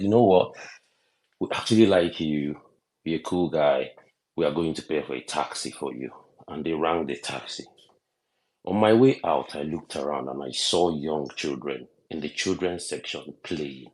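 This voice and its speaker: A man's voice: rumbling low, normal speed. A man with a Nigerian accent tells a personal story in an online audio chat room. He talks earnestly, repeats himself and asks rhetorical questions. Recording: online audio room over a phone mic.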